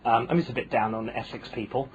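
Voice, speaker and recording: A man's voice: medium pitch, steady tone, fast talker, lo-fi sound, background noise. A man with a posh British accent, a comedian guest telling wry anecdotes in casual chat, full of ums and restarts. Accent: posh British English.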